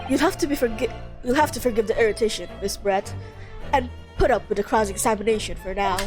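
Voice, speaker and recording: Woman voicing a calm, dry young lawyer. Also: on the high side, quick pace, over music, pitched below the performer's own voice, close to an everyday voice. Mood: measured.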